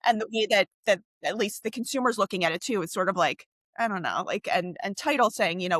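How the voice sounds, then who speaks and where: A woman's voice: medium pitch, expressive, fast, fairly bright tone, no echo. A woman co-hosting a podcast in a loose, chatty way, with lots of fillers and restarts. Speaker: podcast co-host. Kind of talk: casual podcast discussion.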